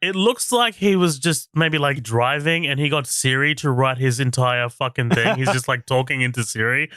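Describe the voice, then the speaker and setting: This podcast co-host is a man with a medium-pitched voice and a moderate pace, recorded cleanly in a studio with no echo. Chatting casually about movies, he's animated, swears often, and mockingly reads reviews aloud.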